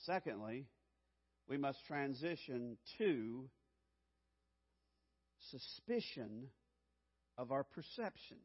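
A man's voice: mid-range voice, animated, slow, pauses often, big-room sound, highs cut off. A man preaching a sermon as pastor, emphatic, repeating key phrases and calling out to the congregation for responses.

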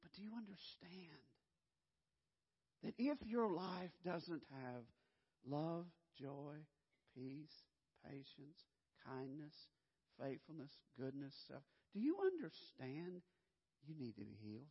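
A man preaching a sermon as pastor, swinging from hushed low lines to loud, urgent emphasis. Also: very animated, slow pace, husky. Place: church sanctuary. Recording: dull lo-fi sound, long hall reverb.

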